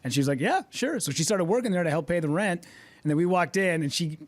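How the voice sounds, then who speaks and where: A man co-hosting a talk show, telling a story in quick, conversational chat. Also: a little high, no room sound. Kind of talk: casual talk-radio chat.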